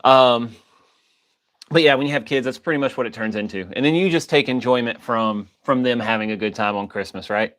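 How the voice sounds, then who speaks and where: Coughing and slightly wheezy, a man runs a relaxed livestream, reading chat, cracking loose jokes and welcoming viewers by name. He has a mid-range, fairly bright voice and speaks a little quickly.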